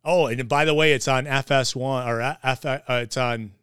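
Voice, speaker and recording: A man's voice: mid-range voice, steady tone, normal speed, a bit bright, clean tone, no echo, studio quality. A man hosting a casual wrestling podcast, rambling with lots of fillers and restarts. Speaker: podcast host.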